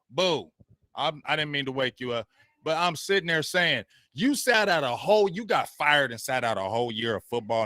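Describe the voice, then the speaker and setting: Heated, bright-voiced man ranting. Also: on the high side, no echo, studio quality. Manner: heated, mocking, barking dog noises, slangy. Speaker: show host. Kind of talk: animated sports rant.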